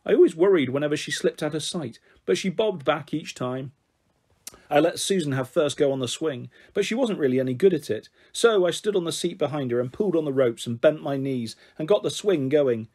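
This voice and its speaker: A man's voice: fairly high pitch, fairly quick. Man reading a children's story. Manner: gentle, expressive reading. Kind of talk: reading a children's book aloud.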